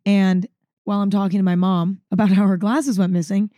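A woman's voice: medium pitch, a little fast, no room sound. A woman hosting a podcast, telling a story in a casual, chatty way and saying "like" often. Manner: chatty, says "like" often, animated. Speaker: podcast host.

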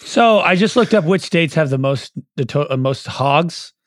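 A man co-hosting a sports podcast in casual chat, cracking quick jokes and laughing. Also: a little high, lively intonation, no room sound, studio quality. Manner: joking, quick quips, laughs. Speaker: podcast co-host.

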